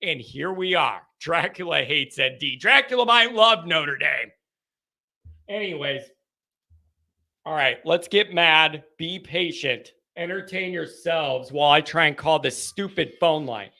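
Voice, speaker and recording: A man hosts a live call-in show, rambling casually and breaking into animated rants. His voice sits high for a man, with a sharp, bright edge. He talks loosely and jumps between stories. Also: unhurried, creaky. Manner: animated, rambling, loud ranting bursts. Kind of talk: casual live-stream chat and storytelling.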